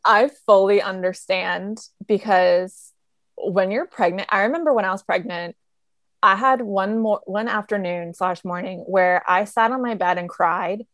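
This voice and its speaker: A woman's voice: mid-range voice, fairly even intonation, measured pace, fairly bright tone, dry recording. Young woman co-host, dry close recording, earnest and relatable. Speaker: podcast co-host. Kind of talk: casual podcast chat. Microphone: remote call mic.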